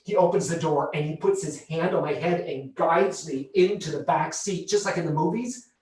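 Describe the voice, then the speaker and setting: A man performing a one-man stage show, telling his story with vivid, expressive delivery in a slightly raised pitch. The sound is very echoey, caught from back in a large theatre. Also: moderate pace. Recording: roomy theatre heard from a distance.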